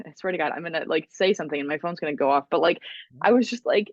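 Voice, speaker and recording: A woman's voice: sits low, rapid-fire, dry recording, highs cut off. A woman co-hosting a podcast, telling stories in casual chat, full of "like"s and laughter. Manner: animated storytelling with many "like"s and laughs. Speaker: podcast co-host.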